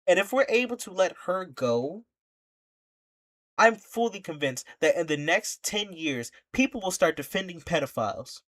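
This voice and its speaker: Indignant streamer on a heated rant. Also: mid-range voice. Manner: indignant, impassioned ranting; rhetorical questions, repeats for emphasis. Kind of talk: reaction commentary rant.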